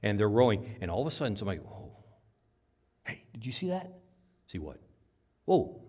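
A man preaching a sermon, telling the story dramatically and acting out cries, whispers and shouts. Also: mid-range voice. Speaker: pastor.

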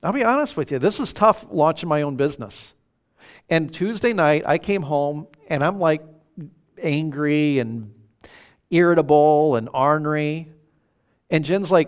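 A man's voice: on the high side, expressive, normal speed, pauses often. A man preaching a sermon, telling a personal story and acting out the quotes with animation. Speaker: pastor.

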